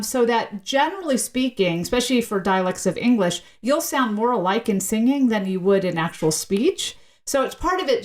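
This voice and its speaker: Woman linguist guest, from the US South, articulate and lecture-like, mid-range voice. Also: mid-range voice. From American South. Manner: articulate, lecture-like explanations with frequent "right?". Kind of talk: podcast interview, explaining.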